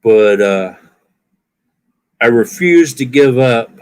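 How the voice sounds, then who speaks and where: A man's voice: medium pitch, animated, slow pace, darkish tone, clean tone. An older man with a mixed Southern and Californian accent, chatting casually in a rambling, self-correcting way. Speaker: viewer chatting on a live stream. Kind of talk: casual chat.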